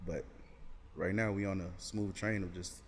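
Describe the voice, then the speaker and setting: A man's voice: deep voice, moderate pace. Laid-back young man chatting. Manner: laid-back, animated when quoting friends. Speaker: podcast guest, comedy video creator. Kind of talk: casual chat.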